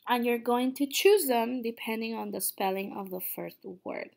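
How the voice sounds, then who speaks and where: A woman's voice: fairly high pitch, normal speed, vocal fry. A young adult woman teaching a recorded online lesson, patient and explaining step by step, often checking in with "okay?". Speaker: Spanish teacher.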